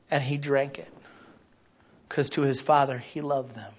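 A man preaching a sermon as pastor in a church, candid and self-deprecating, swinging from quiet confiding to loud impassioned preaching. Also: on the high side, fairly even intonation, normal speed, muffled recording. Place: church sanctuary.

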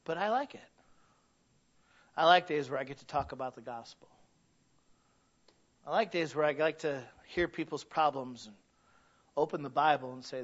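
A middle-aged man from Michigan, preaching a sermon in a conversational way that swings from quiet asides to loud, emphatic peaks. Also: a little high, normal speed, pauses often, lo-fi sound. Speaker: pastor.

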